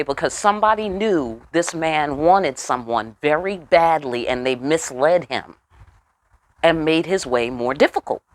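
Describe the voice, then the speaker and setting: A woman giving a casual tarot reading, animated and profane with chatty asides. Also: low-pitched, dry recording. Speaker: tarot reader.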